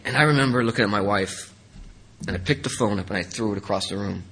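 A man speaks at a recovery meeting, telling his own story in an earnest, emotional way. His voice is husky but forceful and bright, and he wanders through restarts and asides. In the heavy moments it sinks low. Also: fast talker, poor audio. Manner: earnest, emotional and rambling, voice dropping low when sad. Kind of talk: personal testimony.

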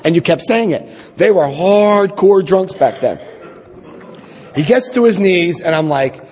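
Husky man telling his recovery story. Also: high voice, unhurried. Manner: animated storytelling, acts out quoted dialogue. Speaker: recovery meeting speaker. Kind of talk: personal recovery talk. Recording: long hall reverb.

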